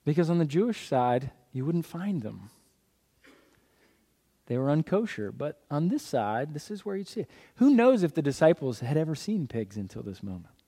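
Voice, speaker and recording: A man preaching a sermon as a guest pastor. He is animated, asks the audience questions and answers them himself, and jokes in passing. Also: on the high side, moderate pace, slightly rough.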